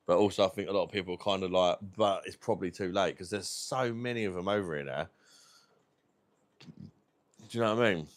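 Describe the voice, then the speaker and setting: A British man hosting a livestream, chatting casually and rambling, swearing freely. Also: low voice. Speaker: livestream host.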